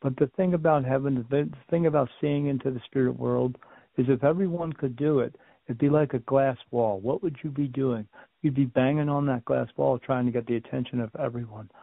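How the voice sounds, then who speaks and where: Gravelly man on a phone-line call. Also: medium pitch, a little fast, no echo. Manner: rambling storyteller, repeats and restarts, acts out quotes. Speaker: medium, podcast guest. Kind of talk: casual interview talk. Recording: phone-like remote call audio.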